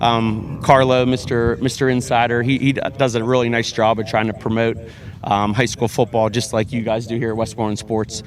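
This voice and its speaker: Earnest high school football coach. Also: male voice, flat delivery, fairly quick. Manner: earnest, repeats words, many fillers and restarts. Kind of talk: sports interview.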